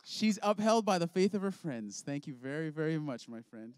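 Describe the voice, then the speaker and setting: A man's voice: on the high side, very animated, moderate pace, hardly any pauses, darkish tone, no echo. Upbeat man leading a kids' lesson. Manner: upbeat, playful, laughs often. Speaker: children's ministry leader. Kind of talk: object lesson for kids.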